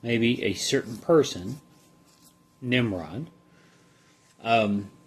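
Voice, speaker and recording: A man giving a casual Bible study, reading a passage in a halting way and then talking it through conversationally. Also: mid-range voice, expressive. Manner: slow, halting, reads then comments conversationally. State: sleepy, yawning.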